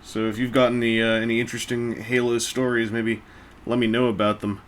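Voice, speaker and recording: A man's voice: medium pitch, level tone, a little fast, slight background noise. A man casually chatting while he builds a brick set, rambling along with self-mocking jokes and asides. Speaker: toy-building video host. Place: indoors at a table.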